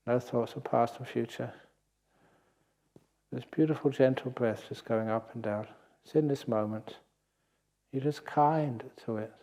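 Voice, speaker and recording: An older man giving a gentle, unhurried meditation talk with playful asides, as a meditation teacher on retreat. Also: mid-range voice, fairly even intonation. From England. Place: meditation hall at a retreat centre.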